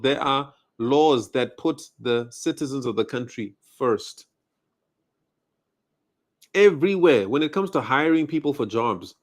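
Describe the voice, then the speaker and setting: A man from South Africa with a South African accent, delivering an angry, emphatic, accusatory monologue to camera and hammering his points with repetition. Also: on the high side. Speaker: commentary channel host. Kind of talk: heated monologue rant.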